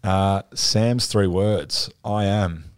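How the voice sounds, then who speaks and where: A man's voice: deep voice, extremely slow, clean tone, no echo, studio quality. An Australian man, a guest in a casual chat, telling a story with easy hesitations. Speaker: guest footballer.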